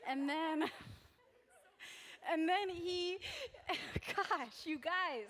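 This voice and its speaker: A woman's voice: very high-pitched, extremely slow, a bit bright. A young adult woman giving a casual, bubbly sermon as a youth pastor, chatting and joking with the crowd. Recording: echoey church hall reverb.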